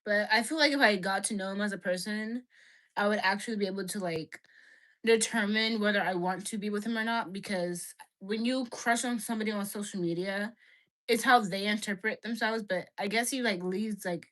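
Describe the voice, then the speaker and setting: A woman's voice: medium pitch, a little fast, a bit bright. A woman in her twenties chatting casually on a livestream, frank and blunt, laughing often and talking in slang. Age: 20s.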